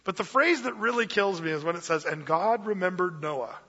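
A man preaching a sermon as pastor, lively and conversational, with playful asides. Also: high voice, fairly quick, husky. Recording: dull lo-fi sound, long reverb of a hall.

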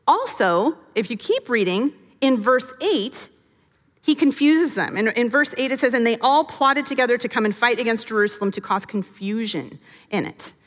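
A woman teaching a sermon from scripture, animated and acting out the characters' voices as she tells the story. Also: on the high side, normal speed, long reverb tail. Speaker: Bible teacher.

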